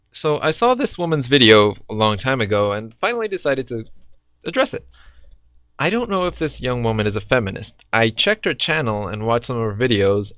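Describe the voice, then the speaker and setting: A man's voice: mid-range voice, a bit bright, dry recording. Sarcastic man doing reaction commentary. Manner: sarcastic, exasperated. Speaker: response video commentator.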